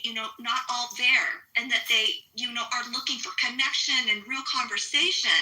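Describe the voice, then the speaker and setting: A woman's voice: a little high, sharp tone, poor audio. A woman ranting angrily in a live audio chat room, swearing and firing off rhetorical questions. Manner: angry, profane, rapid rhetorical questions.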